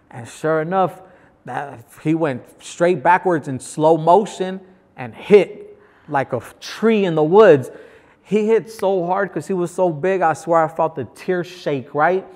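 A man with a somewhat high voice tells stories in loose, slangy talk and acts out other people's lines with animation. A long reverb trails behind each phrase. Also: measured pace, a little mellow. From Los Angeles. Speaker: guest. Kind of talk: casual storytelling.

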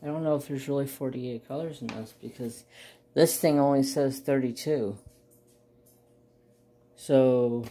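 A woman hosting a crafts channel, chatting casually and gushing with excited exclamations as she unboxes a kit. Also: a bass voice. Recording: roomy echo, faint ambience.

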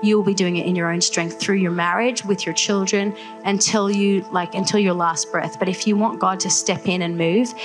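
Young aussie woman telling a faith story to a crowd, chatty, says like a lot, music in the background. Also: fairly low pitch. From Australia. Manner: animated storytelling, many filler "like"s. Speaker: guest speaker. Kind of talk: faith testimony told to a live audience.

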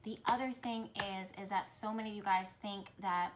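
A woman's voice: mid-range voice, fairly even intonation, fairly quick, background noise. A woman speaking directly to her viewers as a spiritual reader, talking in a flowing, repetitive, earnest way. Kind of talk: intuitive message talk to camera.

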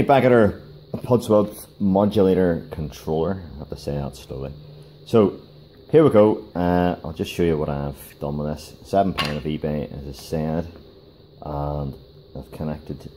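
A man giving a casual hands-on workshop demonstration, talking in a halting way with many fillers and restarts. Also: extremely low pitch, mellow, a little hiss or hum, rough recording. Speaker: DIY car repair video host.

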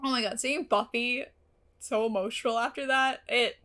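A woman's voice: on the high side, steady tone, normal speed, sharp tone. A young woman casually reviewing a TV episode. She gushes, swears freely and fills her talk with "like". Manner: gushing and emotional, swears, many "like" fillers.

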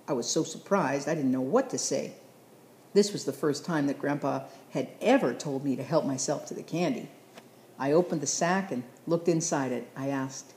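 A woman reads a novel aloud with steady, plain storytelling. Her voice is low and mellow. The recording sounds roomy. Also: moderate pace. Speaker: audiobook reader. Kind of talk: scripted audiobook narration.

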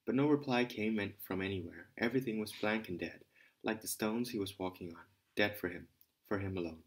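A man narrates a novel in a hobby audiobook. His voice sits fairly low, and he reads steadily, now and then tripping over a word and starting it again. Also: a little fast, low-quality recording. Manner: occasional stumbles and restarts. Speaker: audiobook reader.

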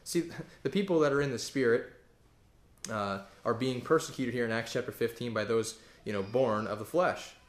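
A man preaching a sermon as pastor, animated and emphatic, rising to loud peaks and acting out the voices of objectors. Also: medium pitch, moderate pace, reverberant. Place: church hall.

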